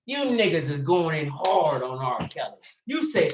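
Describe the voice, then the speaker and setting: A man hosting a livestream, ranting bluntly and profanely, swinging between loud outbursts and low muttering. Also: big pitch swings, moderate pace, few pauses, slight background noise. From Los Angeles. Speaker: livestream host. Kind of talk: livestream commentary rant.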